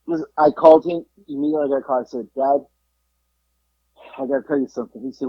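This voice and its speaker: A man's voice: a little high, fast talker, gravelly, slightly rough, no room sound, muffled recording. A man from South Florida co-hosting a podcast, telling a story in casual chat, acting out quotes and swearing freely. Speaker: podcast co-host.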